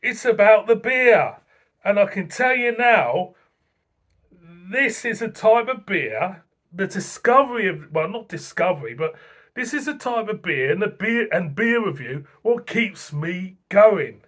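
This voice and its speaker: A man's voice: sits high, a bit bright. A man from Britain gushing in a casual beer review vlog, repeating himself and laughing often. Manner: enthusiastic, repetitive, laughing often.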